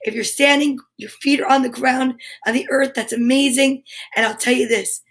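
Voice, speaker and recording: Upbeat woman host of a live kids' story hour. High voice, encouraging, leads chants and reads aloud. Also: fairly even intonation, normal speed, fairly bright tone. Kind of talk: live children's storytime with affirmations and read-aloud. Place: home studio for a live stream.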